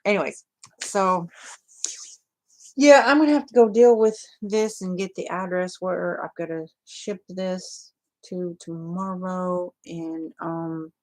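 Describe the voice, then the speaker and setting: Slow-talking woman chatting casually. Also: lowish voice, steady tone, darkish tone. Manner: rambling and chatty, with many fillers. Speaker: crafting livestream host. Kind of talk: casual livestream chat.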